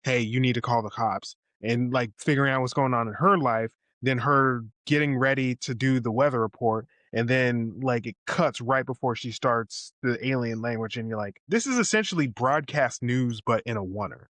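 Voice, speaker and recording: A man co-hosting a film review podcast at a middling pitch, recounting scenes in a lively way and acting out the quoted lines. He swears freely and talks casually. The recording is dry and close. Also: normal speed, hardly any pauses, dry recording. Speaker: podcast co-host.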